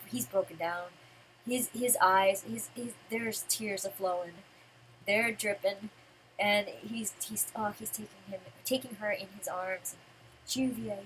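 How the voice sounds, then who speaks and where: A woman's voice: medium pitch, fairly bright tone, slight background noise, low-quality recording. A woman reviewing a comic chapter in casual fan commentary, emotional and rambling, restarting her sentences often. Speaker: manga reviewer.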